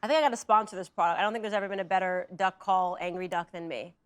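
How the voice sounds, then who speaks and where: A woman hosting a casual interview, enthusiastic and quick to laugh and exclaim. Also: lowish voice, noisy background.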